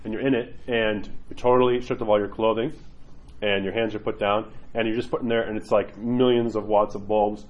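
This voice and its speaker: A man's voice: lowish voice, flat delivery, a little fast, muffled recording. A man, a priest giving an informal teaching talk, telling stories with animation and often checking in with "right?".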